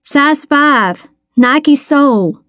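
A woman reading aloud, voicing an eager female deputy who calls out reports loudly. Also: high voice, lively intonation, extremely slow, dry recording, studio quality, voice pushed up, heavily acted. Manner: calling out loudly.

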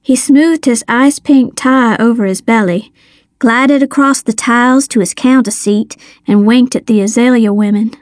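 Lively woman narrating an audiobook. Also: a little high, moderate pace, dry recording, studio quality. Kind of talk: scripted first-person narration.

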